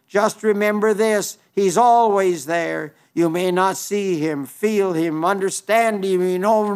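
A man preaching a sermon, urging his listeners with earnest, repeated exhortations and slowing down for emphasis. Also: high voice.

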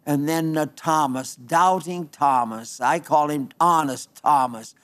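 A man with a high voice preaches an unhurried, earnest sermon. He quotes long passages of scripture and sometimes stops to restart a word. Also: fairly bright tone.

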